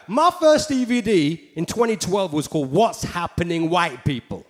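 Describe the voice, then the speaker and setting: A man's voice: high voice, moderate pace. A man with a London accent performing a live stand-up routine, swearing freely and acting out hecklers. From England. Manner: animated, swearing, acts out hecklers in raised voices. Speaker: stand-up comedian. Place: large live venue with audience. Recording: echoey live venue with crowd laughter.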